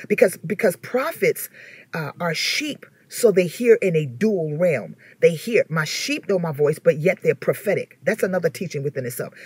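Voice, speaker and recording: A woman minister giving an informal teaching sermon, telling stories with lively rhetorical asides and frequent restarts. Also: fairly low pitch, slightly rough, no echo. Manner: animated storytelling with rhetorical asides and laughter; frequent repeated words and restarts.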